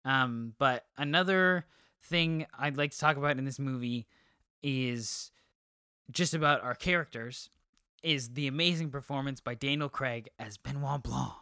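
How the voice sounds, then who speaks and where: A man's voice: medium pitch, unhurried, pushed and bright, smooth, no room sound, studio quality. A man co-hosting a movie podcast, chatting casually with many ums and restarts. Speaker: podcast co-host. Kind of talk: casual chat.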